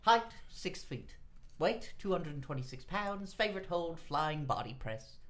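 A man's voice: a little high, big pitch swings, rapid-fire. A man voicing a card announcer in an exaggerated put-on accent, reading stats aloud. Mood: silly.

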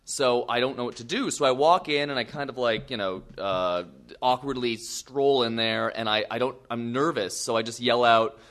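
Young man, storyteller, middle pitch, self-deprecating, animated, comic asides. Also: moderate pace.

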